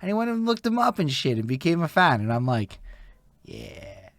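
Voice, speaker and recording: Young canadian dude hosting, hyped and swearing a lot, dry close sound. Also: male voice, fairly high pitch, fast, dry recording. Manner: excitable, swears a lot, heavy use of "like". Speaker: interview host. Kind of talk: casual chat.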